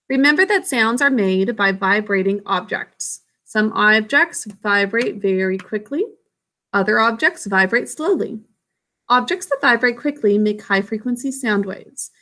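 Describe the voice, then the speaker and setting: A woman teacher explaining a science lesson to children. She speaks slowly and patiently in a fairly high voice. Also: fairly bright tone.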